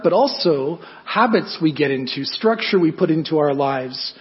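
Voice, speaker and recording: A pastor delivers a sermon with a slightly raised pitch for a man. He preaches in a conversational way and keeps turning to his listeners with rhetorical questions. The recording sounds dull and muffled.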